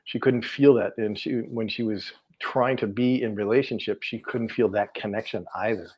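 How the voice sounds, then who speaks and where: A man's voice: fairly low pitch, fairly even intonation, moderate pace, husky. A middle-aged man, a guest energy healer, telling client stories in a podcast interview, earnest and rambling with many fillers and restarts. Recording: dull lo-fi audio.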